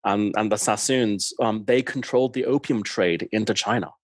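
A man's voice: fairly low pitch, moderate pace, no echo. A man from Singapore with an English-tinged accent, chatting animatedly as a guest author in an interview. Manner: chatty, animated, laughs often, many fillers. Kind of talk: conversational interview.

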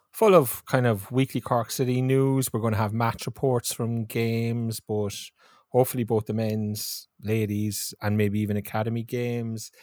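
A man co-hosting a football podcast, talking in a steady, matter-of-fact way. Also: mid-range voice, no room sound, studio quality. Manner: steady, matter-of-fact, reads a list aloud. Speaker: podcast co-host. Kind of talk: casual chat.

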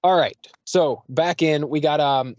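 A man's voice: on the high side, unhurried, darkish tone, no echo, lo-fi sound. A man from the United States hosting a podcast, recapping an episode in a loose, rambling way with lots of fillers. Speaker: podcast host. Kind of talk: casual chat.

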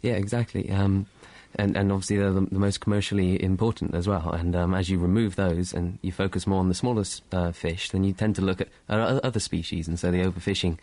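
A man's voice: sits low, flat delivery, a little fast, hardly any pauses, darkish tone, dry recording. A male marine scientist answering interview questions in a studio, talking in a hesitant way with many restarts. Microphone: studio microphone.

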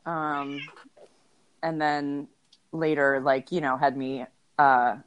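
Low-voiced woman joking dryly. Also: slow, muffled recording, a little hiss or hum. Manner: playful, deadpan jokes with frequent laughs. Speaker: podcast co-host. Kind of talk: casual comedic chat.

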